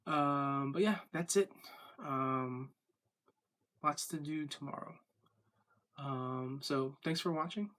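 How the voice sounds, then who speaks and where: A man's voice: fairly high pitch, takes it slowly, pauses often, a bit bright. A man talking casually to camera in a daily video diary, rambling with lots of fillers and restarts. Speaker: vlogger.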